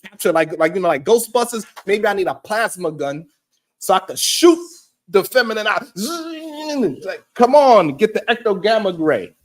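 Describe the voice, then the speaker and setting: A man hosting a talk show, reacting to clips in loose, animated commentary, laughing and repeating himself for emphasis. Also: sits high, moderate pace. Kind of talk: casual commentary. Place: studio.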